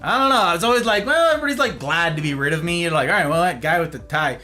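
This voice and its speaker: A man's voice: lively intonation, fast talker, sharp tone. A man streaming live and greeting his chat one by one, playful and theatrical, with faint music behind him. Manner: playful, theatrical, swings between high exclamations and low murmurs. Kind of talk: casual livestream chat greeting viewers.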